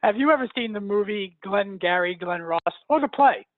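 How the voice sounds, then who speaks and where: A man's voice: high voice, lively intonation, normal speed, no room sound. A middle-aged man from New York hosting a sales webinar, chatty and self-mocking. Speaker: webinar host. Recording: tinny dry phone line.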